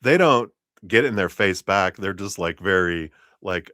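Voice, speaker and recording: Tarot streamer, man, deep unhurried delivery, rambling with lots of ums and chuckles. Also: lively intonation, pushed and bright, no echo, clean studio sound. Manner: rambling, hesitant storytelling with many fillers and laughs. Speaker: tarot reader. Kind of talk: live-streamed tarot reading.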